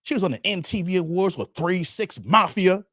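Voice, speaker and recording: A man's voice: high-pitched, animated, normal speed, a bit bright, dry recording, clean studio sound. A man hosting a livestream commentary, emphatic and rambling, who repeats himself and uses a lot of slang. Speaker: YouTube commentary host. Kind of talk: livestream commentary with donation shout-outs.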